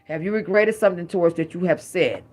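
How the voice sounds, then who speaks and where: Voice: mid-range voice, quick pace. A middle-aged tarot reader giving a casual, emphatic reading to viewers, full of rhyming catchphrases.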